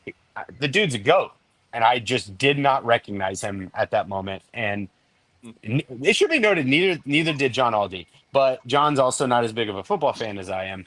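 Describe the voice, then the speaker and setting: A man's voice: mid-range voice, expressive, normal speed, fairly bright tone, dry recording. A man, a podcast guest, telling a self-deprecating story with many restarts. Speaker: podcast guest, cigar brand co-owner. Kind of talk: casual storytelling.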